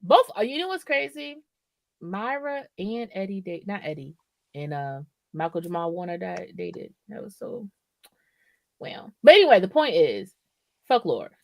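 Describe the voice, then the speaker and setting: A woman's voice: mid-range voice, very animated, moderate pace, vocal fry, no room sound. A woman co-hosting a podcast in casual, profane chat, rambling and often checking in with "right?". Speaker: podcast co-host.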